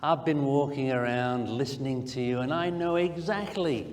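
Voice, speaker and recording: A man's voice: mid-range voice, normal speed, hardly any pauses, slight background noise. A man giving a playful, teasing contest speech in a large conference hall.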